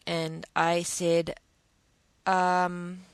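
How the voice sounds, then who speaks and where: Woman rambling through an upsetting story, gravelly voice, dry close sound. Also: lowish voice, monotone, extremely slow, no echo. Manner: emotional, hesitant, many restarts. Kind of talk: personal storytime monologue.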